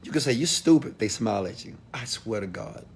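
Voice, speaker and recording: A man giving a motivational talk to an audience, preachy and direct, swinging from loud calls to hushed asides. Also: fairly low pitch, animated, a little fast, vocal fry, a little hiss or hum. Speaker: motivational speaker.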